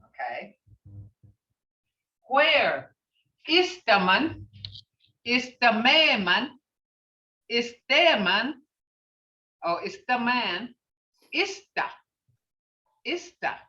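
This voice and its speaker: A woman teaching a language class over a video call, patiently saying phrases slowly and repeating them for her students. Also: a little high, big pitch swings, pushed and bright. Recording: distant, roomy, dull video-call audio.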